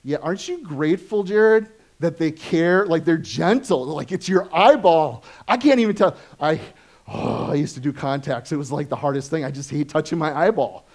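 An adult man who has children preaches as pastor at a normal speed. His sermon is conversational and question-filled, moving from lively stories to quiet, low-pitched asides.

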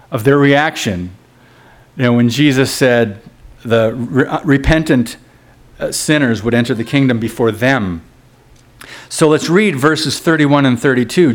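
A pastor preaching a sermon in a loose, conversational way, with asides, restarts and quick laughs. His voice climbs sharply whenever he quotes scripture or acts out a crowd. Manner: rises sharply in pitch when quoting scripture and crowds.

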